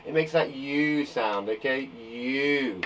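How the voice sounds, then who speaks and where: A man teaching a live phonics lesson to young children from a garden shed, upbeat and encouraging, sounding out words slowly. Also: mid-range voice, fairly bright tone, recorded from a distance, slight background noise, rough recording. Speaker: primary school teacher.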